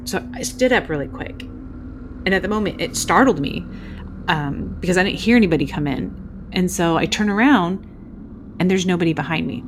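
A woman's voice: on the low side, animated, moderate pace, background noise. A woman hosting a podcast, telling a story casually and vividly, acting out quoted voices and swearing freely. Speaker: podcast host; crime scene investigator.

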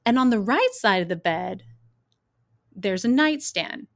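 A woman who works as a crime scene investigator, casually telling wry, animated stories from her work. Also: mid-range voice, measured pace. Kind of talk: casual anecdotal storytelling.

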